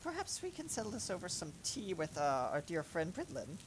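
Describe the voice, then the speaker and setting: A man voicing a nervous, sarcastic ship captain who speaks loudly and flustered, with rain heard behind. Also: high voice, wildly swooping pitch, brisk, noisy background, voice pushed up.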